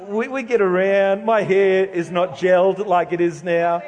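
A man's voice: sits high, fairly even intonation, a little slow, a little mellow. Australian man preaching in a reverberant hall. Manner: casual, joking, conversational preaching with stumbles. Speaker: pastor. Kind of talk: sermon.

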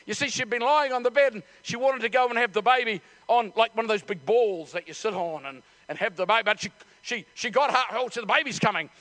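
A middle-aged man preaching a lively sermon. He tells the story with many restarts, acts out the voices and builds up to shouts. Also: extremely high pitch, fairly quick. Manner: animated storytelling, acting out voices. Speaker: pastor.

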